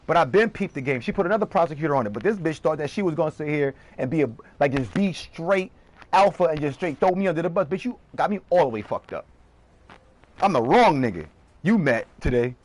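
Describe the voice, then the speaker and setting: A man streaming live, ranting heatedly and profanely in quick bursts. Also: high voice, no room sound.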